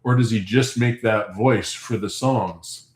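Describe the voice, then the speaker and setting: A man's voice: fairly low pitch, a little slow, reverberant. A man hosting his homestead channel, chatting casually and answering viewers' comments in a rambling, thinking-aloud way.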